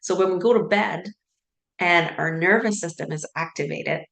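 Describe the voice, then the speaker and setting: Low raspy-edged lady coach chatting about sleep, says "like" and "right?" a lot, echoey room. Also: moderate pace, fairly bright tone. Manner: conversational, acts out inner thoughts with filler "like" and "right?". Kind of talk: casual teaching talk.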